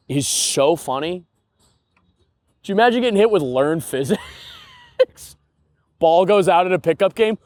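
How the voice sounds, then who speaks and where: A man's voice: a little high, expressive, unhurried, long pauses, a little mellow. A young man hosting a podcast, rambling through a casual comedic monologue and laughing at his own stories. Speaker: podcast host.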